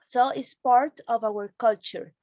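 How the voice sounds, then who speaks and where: Female host of an online teachers' meeting, higher pitch, dry close sound, explanatory. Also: fairly even intonation, unhurried, darkish tone, no room sound. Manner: explanatory, reassuring. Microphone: video call.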